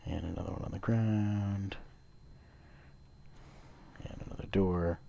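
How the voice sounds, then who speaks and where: A man's voice: deep voice, fairly even intonation, slow pace, gravelly, dark tone, slight background noise. A man giving casual gameplay commentary, grumbling and squeamish at creepy scenes. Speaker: gameplay streamer.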